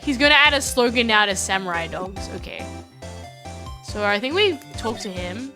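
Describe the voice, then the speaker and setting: Young woman, high lively voice, bright, excitable, chatty livestreamer. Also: normal speed, faint music behind. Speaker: streamer. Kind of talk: live game stream, reading dialogue aloud.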